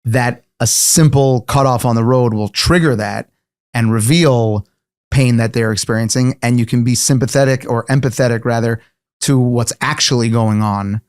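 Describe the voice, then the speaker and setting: Calm man co-hosting, dry sound. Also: mid-range voice, normal speed, no room sound. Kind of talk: casual chat.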